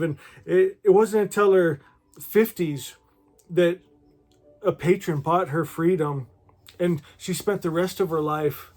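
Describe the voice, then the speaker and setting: A man talking warmly to his viewers and reading devotional poems aloud in a gentle, emotional, effusive way. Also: fairly high pitch. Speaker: spiritual vlogger. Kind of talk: heartfelt talk and poetry reading to viewers.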